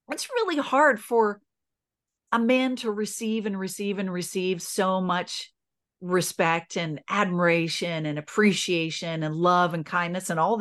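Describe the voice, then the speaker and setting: A woman's voice: on the low side, a little slow, fairly bright tone. A middle-aged woman speaking as a podcast guest. She tells a personal story earnestly and with feeling, stopping and restarting as she goes.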